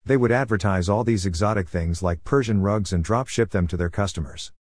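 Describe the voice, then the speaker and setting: A man calmly narrating a first-person story from his past, in a matter-of-fact way. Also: fairly low pitch, brisk.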